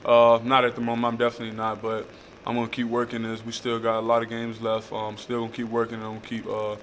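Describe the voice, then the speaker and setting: This young adult man, a college football player, fields reporters' questions with a flat, halting delivery and plenty of "uh" fillers. His voice sits in the mid-range, over a little hiss or hum.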